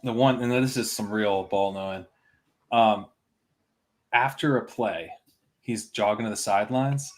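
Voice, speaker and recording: A man's voice: on the low side, unhurried, long pauses. A man on a casual fantasy football podcast, a chatty storyteller who quotes himself and laughs easily.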